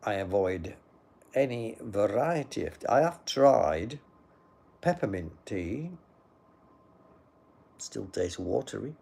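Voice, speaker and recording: Slow gravelly older man. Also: lowish voice, big pitch swings, warm tone. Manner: dry, rambling and wry. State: sleepy, yawning. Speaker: livestream host. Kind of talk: casual chat answering live comments. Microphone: phone.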